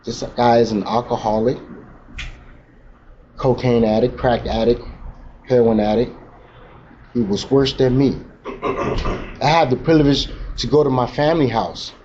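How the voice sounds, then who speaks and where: A man's voice: medium pitch, unhurried, pauses often, a little mellow. Man giving raw recovery testimony. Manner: raw, emotional street talk with slang. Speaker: recovery speaker. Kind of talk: personal testimony at a recovery meeting. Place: recovery meeting room. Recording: dull lo-fi recording with faint noise.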